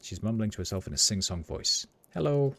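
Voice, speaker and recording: A man's voice: low voice, fast talker, gravelly, bright, forceful tone. A man streaming a role-playing game, reading its text aloud and reacting in a wry, casual way. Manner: wry, reads descriptions then reacts with casual swearing.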